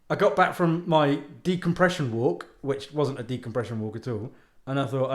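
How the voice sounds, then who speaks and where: A British man with a mid-range voice speaks at a normal speed in an echoey room. A podcast host and author, he delivers a casual ranting monologue, rambling, self-mocking and swearing freely.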